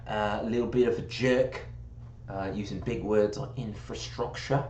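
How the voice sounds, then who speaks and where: A man's voice: on the low side, steady tone, moderate pace, darkish tone, slight background noise. An American man in casual, rambling chat, mocking himself and joking about slipping into a posh British accent. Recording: echoey room.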